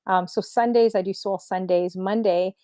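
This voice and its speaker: A woman streamer DJ as the guest in a casual interview, upbeat and chatty with many fillers, a little hoarse. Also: medium pitch, steady tone, normal speed, warm tone, dry recording, studio quality. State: slightly losing her voice.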